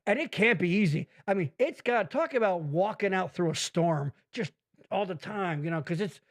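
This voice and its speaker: A man's voice: high-pitched, lively intonation, normal speed. A man hosting a podcast in casual chat, rambling and swearing freely, laughing often. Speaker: podcast host.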